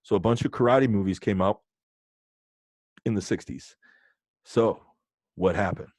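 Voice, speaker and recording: A man's voice: lowish voice, a little slow, dry recording. A man teaching an online lesson in a playful, joking way, talking straight to his students. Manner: joking, animated, talks to students directly.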